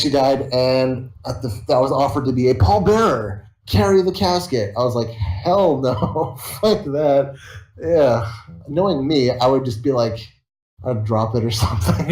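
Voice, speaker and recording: A tired young man rambles loosely and swears a lot, his voice sitting at an ordinary middle pitch. The room around him is roomy, with a clear echo. He sounds like a worn-out YouTuber thinking out loud. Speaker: YouTuber streaming to viewers. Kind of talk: rambling casual chat.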